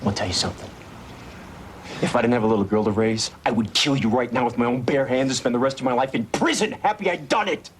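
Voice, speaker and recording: A man's voice: fast talker, natural voice. An actor playing a grieving father who confronts the man he blames for his son's death, bitter and threatening, in a television drama. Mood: seething rage. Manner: bitter, seething, low threatening delivery. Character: grieving furious father, middle-aged man. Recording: noisy old TV clip audio.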